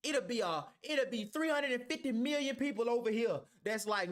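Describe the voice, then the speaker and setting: Guy with a high voice ranting on a reaction stream, swears a lot, argues hard. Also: lively intonation, normal speed. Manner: heated, argumentative, heavy profanity.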